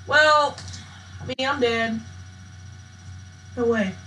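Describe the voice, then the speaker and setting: A woman giving excitable, slangy live gameplay commentary as a channel host, often bursting into loud shouts. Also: fairly high pitch, moderate pace. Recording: echoey room with faint noise.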